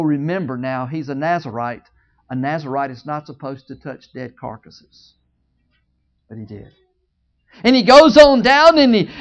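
A preacher telling a Bible story in a sermon, swinging between loud, high outbursts and hushed low asides, joking with the congregation. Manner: jokes with the congregation. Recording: dull lo-fi recording.

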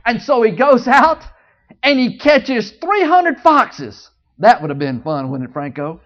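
A preacher telling a Bible story in a sermon, swinging between loud, high outbursts and hushed low asides, joking with the congregation. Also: big pitch swings, unhurried. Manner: jokes with the congregation. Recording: dull lo-fi recording.

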